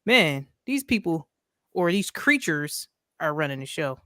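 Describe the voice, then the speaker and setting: On a video call, this podcast co-host delivers casual ranting commentary emphatically, repeating points with a rhetorical "right?" Her low-pitched voice is sing-song and fairly bright, and she doesn't hurry. The studio-clean audio has no echo.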